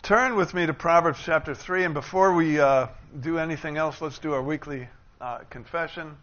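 A man with a fairly high, bright, forceful voice preaches a sermon. He builds his declarations with rising emphasis, then slips into quick, casual asides. The recording sounds dull and lo-fi. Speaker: pastor.

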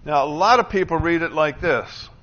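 A man with a fairly high, bright, forceful voice preaches a sermon. He builds his declarations with rising emphasis, then slips into quick, casual asides. The recording sounds dull and lo-fi. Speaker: pastor.

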